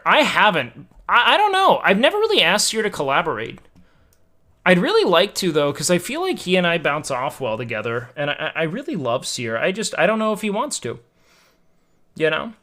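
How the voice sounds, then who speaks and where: A man's voice: fairly high pitch, bright, forceful tone. A young man livestreaming, chatting casually and musing aloud to his chat, swearing now and then, at a home desk mic.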